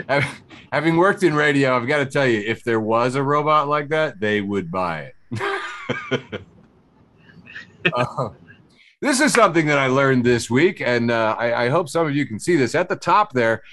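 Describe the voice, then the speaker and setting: A man's voice: medium pitch, sing-song, measured pace, fairly bright tone, no room sound. A man hosting a casual comedy podcast, rambling with lots of fillers and frequent laughs. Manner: rambling, many fillers and restarts, laughs often. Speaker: podcast host.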